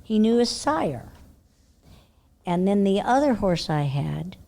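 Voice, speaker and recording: Speaking slowly in a creaky, mid-range voice, an older woman shares horse-show tales during a relaxed interview where she is the guest. A horse trainer, she is animated, laughs often, and lowers to a hush when quoting herself.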